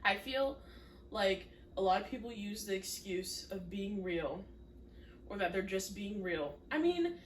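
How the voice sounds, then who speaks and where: A young woman co-hosting a podcast in casual chat, congested and wheezy, playful and quick to laugh. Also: mid-range voice, animated. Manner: playful, laughs often, dry jokes. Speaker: podcast co-host. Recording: roomy, mic at a distance, faint hiss.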